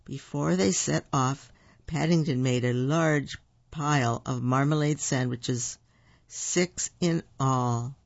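A storyteller reading picture books aloud to children, slow and gentle, with asides to the listeners. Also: medium pitch, gravelly, no echo. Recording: dull lo-fi recording.

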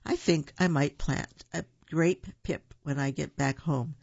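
A storyteller voicing a polite, earnest young male bear who loves marmalade, soft and a little gravelly, in a dull, dry recording. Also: mid-range voice, fairly even intonation, unhurried, no room sound.

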